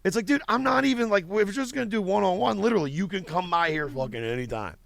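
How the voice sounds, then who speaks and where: Lively, bright-voiced male podcast host. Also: high voice, fast, gravelly, no echo. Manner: profane, joking, laughs often. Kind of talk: casual chat. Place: home basement.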